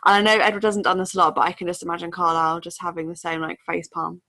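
Woman, podcast co-host, lower register, dry booth sound, casual and animated. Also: very fast, dry recording. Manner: chatty, acts out quotes in silly voices. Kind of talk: casual book discussion.

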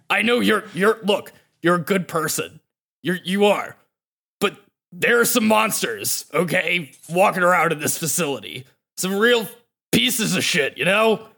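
A man's voice: sits high, vocal fry, sharp tone, full character voice. A man voicing an uneasy, rambling researcher. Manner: anxious, halting, repeats himself. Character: worried adult male researcher, uneasy.

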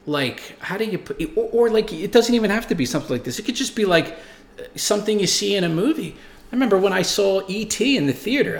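A man's voice: high voice, roomy sound. A man in his forties hosting a show, telling stories and reading viewer comments in a rambling, profane, emphatic way. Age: 40s. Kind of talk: casual monologue.

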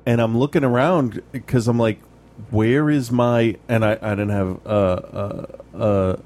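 A man's voice: fairly low pitch, steady tone, measured pace, a little mellow. A man co-hosting a casual podcast chat, telling rambling self-deprecating stories with lots of restarts. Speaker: podcast co-host.

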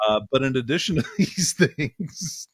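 A man co-hosting a podcast who talks in a casual chat and deals in sarcastic, deadpan humor. The sound is dry and close, with no room around it. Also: medium pitch, unhurried, breathy edge, dry recording. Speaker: podcast co-host.

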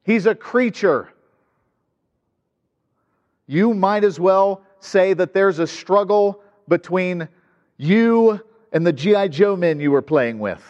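Conversational preacher in a reverberant hall. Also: male voice, sits high, expressive, slow, long pauses, a little mellow, highs cut off. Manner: conversational preaching with asides and rhetorical questions. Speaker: pastor. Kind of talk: sermon.

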